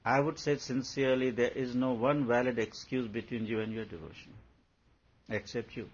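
A man's voice: medium pitch, steady tone, moderate pace, breathy edge. A man giving a spiritual discourse as a teacher, asking rhetorical questions and telling playful stories. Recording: dull lo-fi recording.

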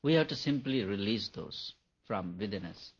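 A man's voice: on the low side, expressive, moderate pace, slightly rough. A man giving a spiritual talk on meditation, repeating his points for emphasis. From India. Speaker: meditation teacher. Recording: dull lo-fi recording.

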